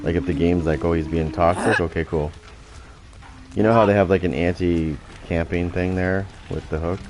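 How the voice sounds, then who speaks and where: A man's voice: low voice, steady tone, normal speed, music in the background. A man hosting a gaming channel, talking casually and profanely over his gameplay, often restarting his sentences.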